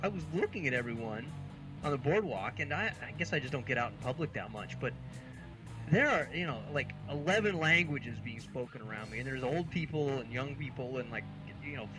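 An American man in his thirties, a podcast co-host, tells rambling, exasperated, self-mocking comic stories in a casual way. His mid-range voice is expressive and fairly quick. Music plays under him, and the recording is rough.

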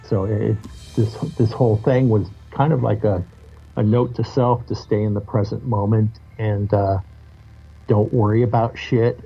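A man with a low, husky voice talks as a podcast guest, candid and reflective, cursing casually as he opens up. The sound is muffled and lo-fi. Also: steady tone, a little slow, soft background music. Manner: candid, reflective, loose and swearing. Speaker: guest musician. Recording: muffled lo-fi audio.

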